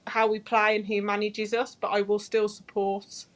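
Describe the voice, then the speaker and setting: A woman's voice: mid-range voice, little pitch movement, normal speed. A woman with a mid-range voice talks football on a podcast. She is direct and emphatic and sticks firmly to her views. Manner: plain-spoken and emphatic. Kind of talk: casual football chat.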